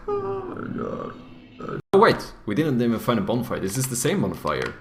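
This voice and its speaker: A man streaming a video game, chatting casually with swearing, laughing outbursts and sudden excitement. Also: mid-range voice, unhurried, vocal fry, a little hiss or hum.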